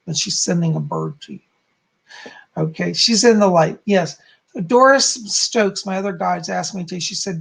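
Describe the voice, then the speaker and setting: A man's voice: sits high, animated, moderate pace, gravelly, fairly bright tone, slightly rough. A man giving live psychic readings, chatting as he answers viewers one by one. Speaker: psychic medium.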